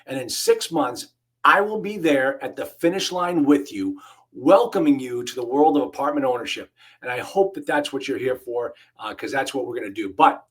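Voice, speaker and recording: Middle-aged male webinar host, husky, upbeat sales pitch full of fillers. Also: normal speed. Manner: energetic sales pitch with frequent fillers and restarts. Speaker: webinar host, real estate investing coach. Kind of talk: live webinar presentation.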